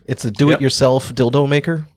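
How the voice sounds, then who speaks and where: A man's voice: mid-range voice, steady tone, normal speed, a little mellow. A man co-hosting a comedy podcast, telling a crude joke in a matter-of-fact way. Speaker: podcast co-host.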